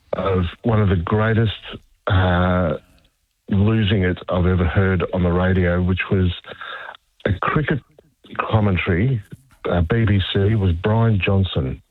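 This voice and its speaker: A man calling in to a radio show, telling an anecdote in an animated way. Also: low voice, dry recording. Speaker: caller. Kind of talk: phone-in chat. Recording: tinny dry phone line.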